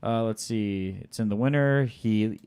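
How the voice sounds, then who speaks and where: A man from Alaska co-hosting a casual podcast, reading out listener submissions haltingly with dry jokes. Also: on the low side, warm tone, clean tone. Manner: dry joking, reads lists haltingly. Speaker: co-host reading listener questions.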